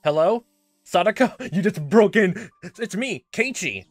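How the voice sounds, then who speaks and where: A man voicing an eager, brave teenage boy who speaks urgently and loudly, pitched well above his own voice. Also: a little slow, dry recording, clean studio sound, soft background music. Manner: urgent, excited, loud.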